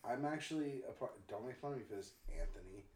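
A man's voice: medium pitch, lively intonation, fast, a little mellow, roomy sound. A man co-hosting a casual podcast chat, teasing his friends and swearing freely. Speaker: podcast co-host.

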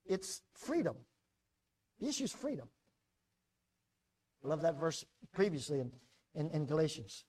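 A middle-aged American pastor delivering a sermon in a fairly high voice. He often repeats words as he builds a point, and he moves between loud emphasis and quiet, measured passages. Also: sing-song, husky.

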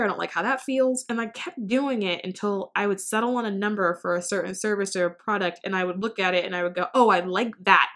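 A woman channeler talking casually to her viewers, chatty and animated as she acts out quoted dialogue. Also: medium pitch. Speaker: spiritual channeler. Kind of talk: casual storytelling to camera.

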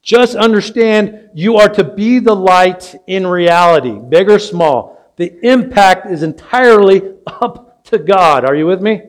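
Older male pastor with a high voice, preaching in a storytelling way. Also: animated, unhurried. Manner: storytelling, asks the audience questions. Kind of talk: sermon. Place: church sanctuary.

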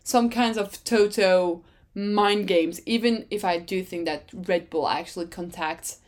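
A woman's voice: lowish voice, measured pace. Chatty woman podcaster. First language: French. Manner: rambling, chatty, self-correcting, with sudden excited jumps. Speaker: podcast host. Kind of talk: casual solo chat.

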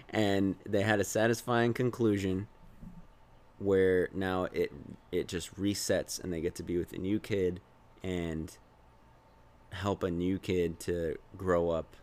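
A man's voice: low voice, fairly even intonation, takes it slowly, pauses often. A man hosting a podcast, chatting casually about a movie, rambling, chuckling and trailing off mid-sentence. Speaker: podcast host. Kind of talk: casual movie review chat.

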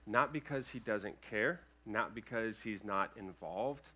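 A male pastor preaching a sermon to his congregation, earnest and emphatic, with loud peaks and quiet asides, checking in with the room. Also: lowish voice, a little slow. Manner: addresses the congregation with checking questions. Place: church sanctuary, speaking over a sound system.

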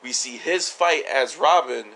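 A co-host on a podcast, this man has a mid-range, fairly bright voice and speaks a little slowly over a faint hiss or hum. He reviews a TV episode in loose, joking conversation, swearing and laughing often.

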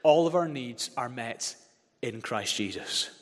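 A man's voice: medium pitch, expressive, unhurried. A man preaching a sermon as pastor, passionate and emphatic, leading his congregation to repeat verses aloud. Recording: long hall reverb.

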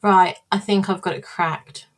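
A woman's voice: on the low side, steady tone, measured pace. A woman co-hosting a casual podcast, reacting bluntly and swearing freely. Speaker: podcast co-host.

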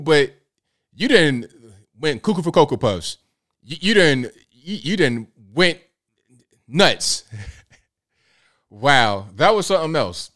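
A man's voice: on the high side, sing-song, takes it slowly, long pauses, fairly bright tone. A man hosting a live show, reacting to clips with slangy jokes and frequent laughter. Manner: joking, slangy, laughs often. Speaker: host.

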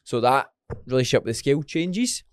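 Scottish male personal trainer, podcast co-host; blunt, anecdotal, mid pitch, dry and intimate recording. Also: expressive, brisk, no room sound. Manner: blunt, retells client talks with quoted voices. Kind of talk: casual podcast chat.

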